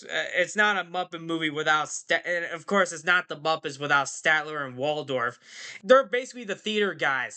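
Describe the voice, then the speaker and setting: A man's voice: a little high, sharp tone. A man giving a casual, rambling movie review vlog, full of fillers and tag questions.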